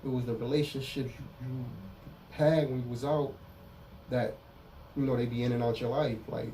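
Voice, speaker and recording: A man's voice: mid-range voice, fairly even intonation, normal speed, mellow, distant mic, a little hiss or hum, rough recording. A middle-aged man speaking candidly as an interview guest in street slang, often saying "you know what I'm saying". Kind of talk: casual interview about prison time.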